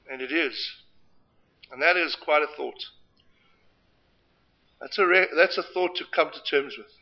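A man delivers a sermon in a high, piercingly bright voice, building to loud emphatic peaks and dropping to hushed asides. The recording sounds dull and lo-fi. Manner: impassioned, emphatic preaching with dramatic swings in loudness. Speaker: preacher.

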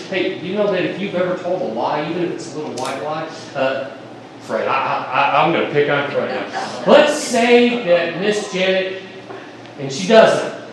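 A man's voice: a little high, lively intonation, normal speed, noisy background. A man preaching a sermon as pastor, folksy and emphatic, joking with the congregation. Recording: echoey room, mic at a distance.

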